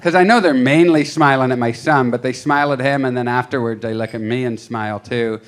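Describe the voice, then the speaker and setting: Conversational stand-up comedian, middle pitch. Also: male voice, a little fast. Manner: conversational, self-deprecating, acts out voices. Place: comedy club stage.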